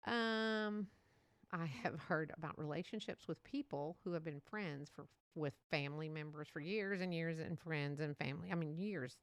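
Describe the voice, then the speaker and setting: A woman hosting a casual solo podcast, talking in a chatty, animated way and laughing often. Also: deep voice, moderate pace, smooth, no room sound. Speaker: podcast host.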